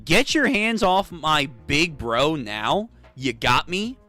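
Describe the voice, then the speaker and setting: A man voicing a tough, protective young sister, delivering her lines slowly and menacingly. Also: a little high, very animated, sharp tone, faint music behind, full character voice. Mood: threatening.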